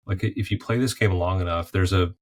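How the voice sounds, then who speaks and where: Deep-voiced man telling reflective stories. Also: fairly even intonation, fairly quick. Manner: explains through golf and faith analogies. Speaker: podcast guest, former golf pro turned artist. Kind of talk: reflective conversational storytelling.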